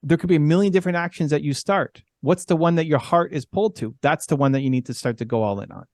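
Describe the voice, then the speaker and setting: A man's voice: on the high side, fast talker, darkish tone, dry recording, clean studio sound. A man giving an earnest, encouraging motivational talk as guest speaker, repeating himself for emphasis.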